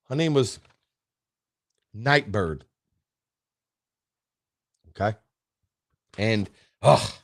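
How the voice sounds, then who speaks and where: A man's voice: medium pitch, dry recording, studio quality. Emotional motivational man on a livestream. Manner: emotional, preachy, greets viewers by name. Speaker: livestream host. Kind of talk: motivational live stream talk.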